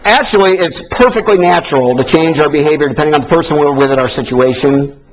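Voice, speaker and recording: A man with a fairly high, husky voice leads a seminar class in a classroom. His delivery is animated and joking, shifting from emphatic to soft. The recording sounds dull and lo-fi. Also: fast talker. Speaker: sales trainer. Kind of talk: live seminar lecture to a class. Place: classroom with a live audience.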